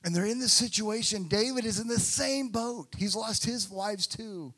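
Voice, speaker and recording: A man preaching a sermon as a pastor, swinging from hushed, quiet passages to loud, emphatic ones and acting out the voices of people he quotes. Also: high-pitched, normal speed.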